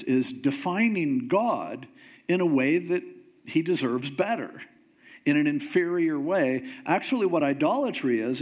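A man preaching a sermon in a casual, conversational way, acting out the voices of the people in the story he retells. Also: a little high. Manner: animated storytelling, acting out voices of God and Moses; conversational, informal phrasing. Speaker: pastor.

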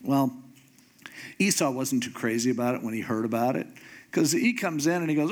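A man preaching a sermon, telling a story in a comic way and acting out the characters with sudden jumps in pitch. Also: normal speed. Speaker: pastor.

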